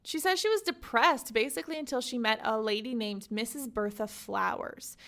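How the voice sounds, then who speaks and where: A young adult woman hosting a book podcast, summarizing a memoir in a chatty, animated way full of "like" and "you know". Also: fairly high pitch, normal speed. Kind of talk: casual book summary with read-aloud excerpts.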